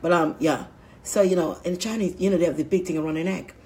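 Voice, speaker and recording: A woman's voice: fairly low pitch, fast, mellow. A woman vlogger talking in a rambling, crude casual monologue, often laughing mid-sentence.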